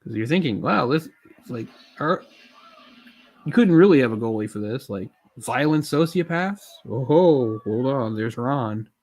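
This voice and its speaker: A man's voice: mid-range voice, expressive, a little slow, darkish tone. A man giving casual live commentary on a film while feeling unwell, rambling in chatty asides with lots of fillers. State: unwell, keeps swallowing.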